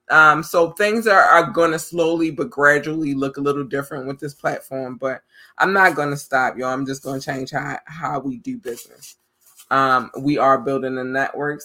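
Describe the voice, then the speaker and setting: A podcast host giving casual, effusive shout-outs to listeners, with a grateful, slangy way of talking. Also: mid-range voice.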